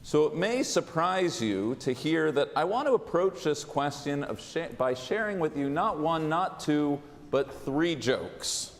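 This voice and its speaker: A man, a rabbi, giving a sermon in a measured, deliberate way with dry humor, in a large synagogue sanctuary on a pulpit microphone. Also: a little high, big pitch swings. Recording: long reverb of a large sanctuary.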